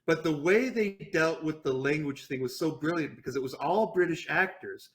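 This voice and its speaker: A man's voice: on the high side, moderate pace. A man co-hosting a casual podcast chat, telling long rambling stories and laughing easily. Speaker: podcast co-host.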